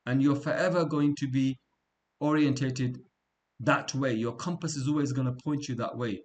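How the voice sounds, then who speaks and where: A man's voice: mid-range voice, steady tone, moderate pace, dull audio. A middle-aged man teaching a class in an informal, conversational way, often checking in with "right?" and repeating himself as he talks. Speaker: seerah teacher.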